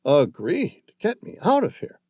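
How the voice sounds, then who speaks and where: A man's voice: fairly high pitch, big pitch swings, normal speed, a little mellow, husky, no echo, clean studio sound, voice pushed up. A man doing a panicky stranded Englishman. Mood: anxious. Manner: anxious, protesting. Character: frightened stranded Englishman, a writer.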